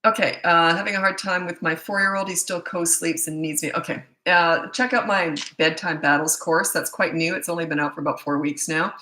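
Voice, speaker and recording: A woman's voice: fairly low pitch, fairly even intonation, a little fast, hardly any pauses, sharp tone, reverberant, rough recording. Blunt, tired-voiced woman parenting coach. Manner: blunt, casual, loses track mid-thought. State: losing her voice. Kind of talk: live Q&A, answering viewer questions.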